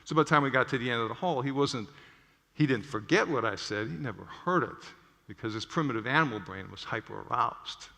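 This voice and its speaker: A man's voice: mid-range voice, fairly quick, creaky. A middle-aged male physician giving a stage talk, telling stories animatedly and checking in with the audience with "okay?". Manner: animated storytelling, tags lines with "okay?". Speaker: physician speaker. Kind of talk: conference talk. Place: large auditorium stage. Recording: echoey auditorium.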